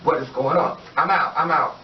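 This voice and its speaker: A man's voice: a little high, moderate pace, slight background noise, close to an everyday voice. A man putting on an eager young woman in love. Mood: pleading. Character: excited young woman in love, later pleading. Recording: distant, roomy, dull lo-fi sound.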